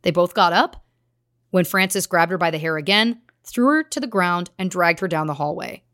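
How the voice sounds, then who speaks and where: A woman's voice: fairly low pitch, normal speed, fairly bright tone, no echo, studio quality. A woman co-hosting a true crime podcast, reading case details with earnest, grave emphasis. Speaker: podcast co-host.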